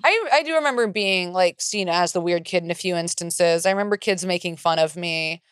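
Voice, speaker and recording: A woman co-hosting a podcast, chatting casually in a candid, profane way with a low voice. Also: fairly bright tone, clear, resonant tone, no echo, clean studio sound. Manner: candid, profane, quick to laugh. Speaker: podcast co-host. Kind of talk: casual chat.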